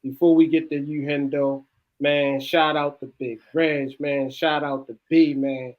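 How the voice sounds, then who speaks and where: Unhurried man hosting a chat. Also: a little high, narrow, tinny audio. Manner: relaxed, affirming, many "man" tags. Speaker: podcast host. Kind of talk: casual podcast chat.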